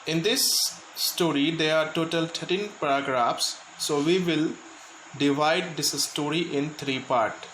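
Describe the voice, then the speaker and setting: A male Indian teacher talks through a class lesson at a very unhurried pace, pausing to define words and repeat points. His voice sits a little high for a man. He is recorded in an echoey room with a faint hum of ambience behind him. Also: a bit bright. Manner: slow, explanatory, repeats and glosses words. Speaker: school teacher. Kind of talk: English lesson for students.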